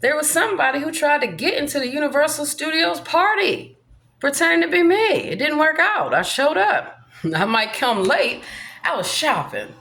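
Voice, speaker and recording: Brash woman vlogger, high and lively voice, roomy echo. Profane, swaggering monologue. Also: normal speed, gravelly. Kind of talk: rambling monologue vlog.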